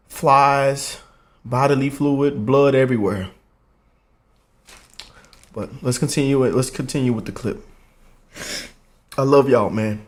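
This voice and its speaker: A man's voice: mid-range voice, slow, long pauses. A man hosting a reaction channel, speaking in a heartfelt, emotional way and often adding "man" and "y'all". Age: 20s.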